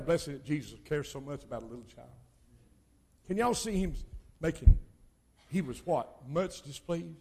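An older man preaching a sermon as pastor, swinging between loud exhortation and quiet asides. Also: fairly high pitch, moderate pace, vocal fry, long pauses, breathy edge.

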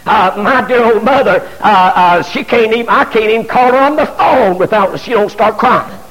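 Impassioned high-voiced preacher. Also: male voice, animated, normal speed, muffled recording. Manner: impassioned preaching, shouting peaks, repeated fillers. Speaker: pastor. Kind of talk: sermon. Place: church. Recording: long hall reverb.

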